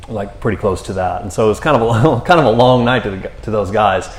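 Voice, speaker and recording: Talking fast in a lowish voice, this pastor preaches casually, peppering his sermon with "man" and "you know." The recording was made in an echoey room.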